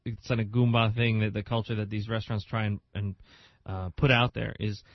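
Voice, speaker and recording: A man's voice: fairly low pitch, little pitch movement, fairly quick, no room sound, muffled recording. A man co-hosting a casual restaurant chat, joking, rambling and often laughing. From Irish-American, New Jersey. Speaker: podcast co-host.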